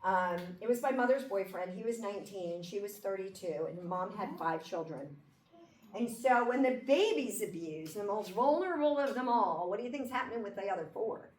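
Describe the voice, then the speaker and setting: A woman's voice: mid-range voice, expressive, moderate pace, darkish tone. Woman lecturing in an echoey room. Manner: conversational, checks in with listeners by asking 'okay?' and 'right?'. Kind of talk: classroom lecture. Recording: echoey room, mic far off, faint background hum.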